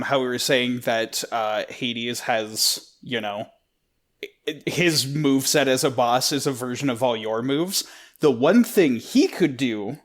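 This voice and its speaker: A man co-hosting a casual podcast, rambling about a video game with lots of filler words. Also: medium pitch. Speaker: podcast co-host.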